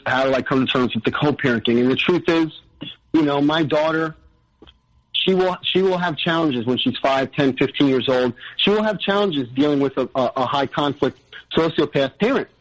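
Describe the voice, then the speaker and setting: A man telling his personal story as a podcast guest, earnest and halting, often restarting his sentences. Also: medium pitch. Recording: dull lo-fi audio.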